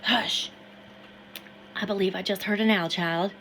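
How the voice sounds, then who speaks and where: A woman voicing an excitable runaway man who hollers and hoots in dialect. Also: medium pitch, measured pace, slight background noise. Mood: eager hushed. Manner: loud, hollering, dialect speech.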